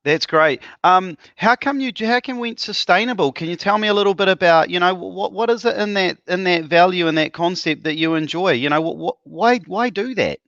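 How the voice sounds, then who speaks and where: A man's voice: high-pitched, fairly quick, few pauses, fairly bright tone, no echo, dull audio. A man hosting an awards ceremony, upbeat and chatty with lots of ums and laughs. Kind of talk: live emcee patter.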